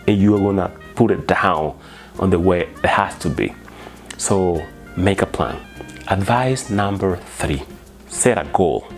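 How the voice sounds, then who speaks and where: Man, Spanish speaker, low slow delivery, language-teacher tutorial with faint background music. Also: a little mellow. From Colombia. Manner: earnest, repeats words for emphasis, halting restarts. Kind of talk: instructional video talk.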